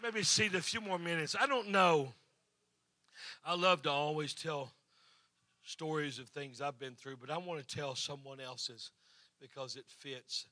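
A preacher with a high, ringing, very bright voice, telling a sermon story to his church. He acts out the people in his tale the way a storyteller does. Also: measured pace, no echo. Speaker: pastor. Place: church, in front of a congregation.

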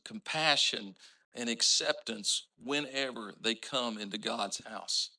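Bright, impassioned preaching man. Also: medium pitch. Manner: impassioned preaching with rising emphatic lines and storytelling asides. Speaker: pastor. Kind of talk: sermon.

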